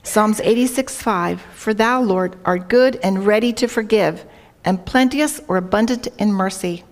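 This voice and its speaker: In an unhurried, mid-range voice, a woman talks earnestly to a women's group, recounting an anecdote and reading scripture in a devotional talk. She frequently turns to listeners with questions, and she wears a worn microphone.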